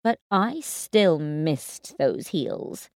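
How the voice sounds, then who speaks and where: A woman narrating a first-person story in an expressive, wry manner. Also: low-pitched, extremely slow, dry recording, studio quality. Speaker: audiobook narrator.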